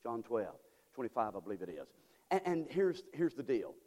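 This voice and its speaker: A man preaching a sermon as pastor, moving from quiet, halting asides to loud, drawn-out exhortation. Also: medium pitch, sing-song, in a large hall, muffled recording. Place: church sanctuary.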